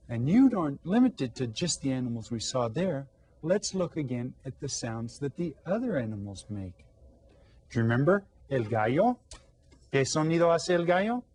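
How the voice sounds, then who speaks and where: A man's voice: medium pitch, darkish tone. A man teaching a playful children's Spanish lesson, coaxing the kids with questions and mimicking animal sounds.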